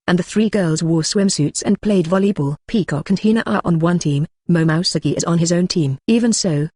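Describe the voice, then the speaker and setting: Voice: mid-range voice, darkish tone, no room sound, studio quality. A synthetic-sounding narrator reading a translated web novel aloud, who reads symbols and sound words literally. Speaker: audiobook narrator.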